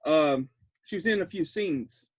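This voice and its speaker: Brief: high-pitched man, dry close mic, laughs through a rambling horror-film recap. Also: animated, measured pace, slightly rough, no room sound. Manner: rambling, laughs often, restarts words; jumps to loud disbelief. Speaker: podcast host recapping a film. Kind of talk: excited casual film recap.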